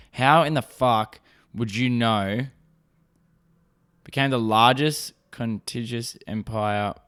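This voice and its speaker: A young man hosts a casual solo podcast in a mid-range, fairly bright voice. He rambles and swears, using lots of fillers, and he's coming down with a sore throat.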